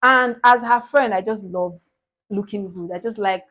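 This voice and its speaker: A Nigerian woman recapping a reality show in casual, animated gossip, laughing often. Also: medium pitch, moderate pace. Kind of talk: casual chat.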